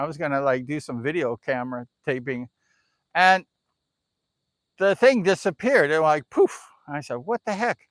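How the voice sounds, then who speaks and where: A man's voice: fairly high pitch, a bit bright, no echo. A man on a live stream telling a spooky story in a casual, rambling way, full of "like" and "you know".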